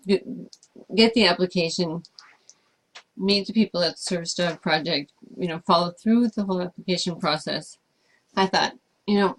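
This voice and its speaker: A woman's voice: lowish voice, moderate pace. A woman chatting casually as she answers viewer questions about life with her service dog, thoughtful and hesitant, with frequent fillers. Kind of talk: casual Q&A chat.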